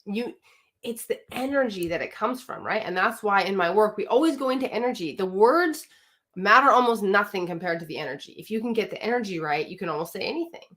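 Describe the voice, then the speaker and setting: A woman's voice: mid-range voice, expressive, fairly quick, fairly bright tone. Direct, emphatic woman marriage coach. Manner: direct, emphatic, often asks the audience. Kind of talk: live coaching talk to an audience.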